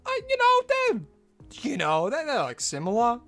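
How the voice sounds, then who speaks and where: A man's voice: very high voice, wildly swooping pitch, moderate pace, sharp tone, faint music behind. A man streaming a video game in casual live-stream chat, rambling and exclaiming to himself as he plays.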